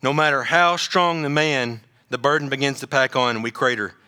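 A man preaching a sermon, animated, joking at times and often repeating words. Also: medium pitch, moderate pace, smooth. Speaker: pastor.

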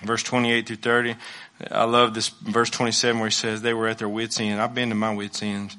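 In a passionate sermon, a male pastor shifts from loud statements to soft asides and keeps repeating himself. He has a lowish, monotone, smooth voice and talks fairly fast.

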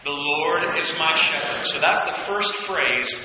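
A man's voice: on the high side, measured pace, a crowd in the background. A man preaching a sermon as pastor, speaking conversationally and rising into fervent prayer. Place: church hall. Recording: echoey hall, dull sound, faint noise.

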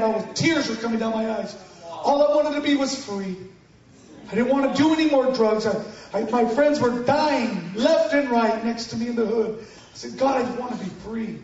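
A man giving a sermon testimony to a congregation, telling his story with animated bursts of shouting and banter with the crowd. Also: very high-pitched. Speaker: guest preacher giving testimony. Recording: echoey hall from far off, dull sound.

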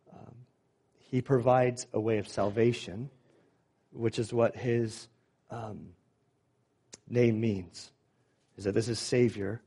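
A man's voice: mid-range voice, warm tone, husky. A man preaching a sermon and leading a closing prayer, earnest and plain-spoken, with frequent fillers and repeated words. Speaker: pastor.

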